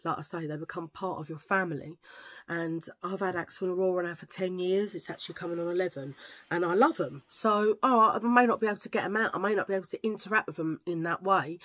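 Woman, casual vlog chat, rambling, close camera. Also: on the low side. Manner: rambling, chatty, jumps between tangents. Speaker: vlogger. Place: at home filming under a ring light.

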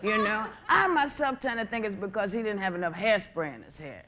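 A woman performing live stand-up comedy on a theater stage, talking in a profane, conversational way and mocking people with quick impressions. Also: medium pitch, expressive. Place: theater stage with laughing audience. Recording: noisy VHS live recording with loud crowd.

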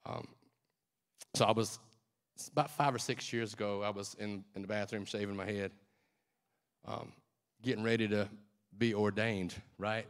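A man's voice: on the low side, fairly even intonation, normal speed, long pauses. A male preacher delivering a fervent, conversational sermon that turns to emotional personal storytelling.

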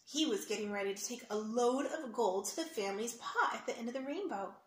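A woman's voice: a little high, expressive, a little fast. Woman reading a picture book aloud. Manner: explains words and points at pictures for kids. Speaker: storyteller for children. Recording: echoey room, faint hiss.

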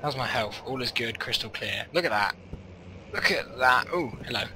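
A man's voice: mid-range voice, expressive, moderate pace, pushed and bright, slight background noise, low-quality recording. Muttering young man playing a game. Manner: rambling, self-mocking, often muttered half to himself. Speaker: gameplay commentator. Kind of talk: let's-play commentary. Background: game music.

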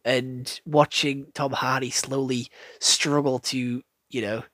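A man's voice: mid-range voice, flat delivery, takes it slowly, fairly bright tone, no echo. A man giving a casual, rambling film review, blunt and sweary, full of fillers.

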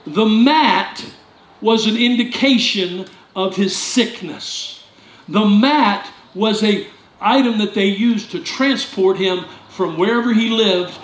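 Male pastor, high voice, lively joking sermon, echoey sanctuary, faint room noise. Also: a little slow. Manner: animated, jokey preaching with sudden loud outbursts. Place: church sanctuary.

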